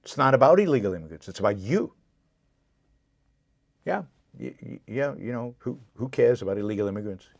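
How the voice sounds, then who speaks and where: A man's voice: medium pitch, expressive, fairly quick, vocal fry, long pauses, no echo. A man hosting his own show, giving impassioned political commentary, repeating points for emphasis and answering viewer comments directly. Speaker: show host.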